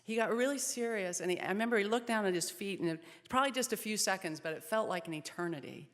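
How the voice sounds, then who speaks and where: A woman's voice: mid-range voice, fast talker. A woman in her thirties giving an earnest personal testimony as a speaker at a pregnancy center event. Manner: earnest storytelling, softening in sad moments. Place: event hall. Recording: long reverb of a hall.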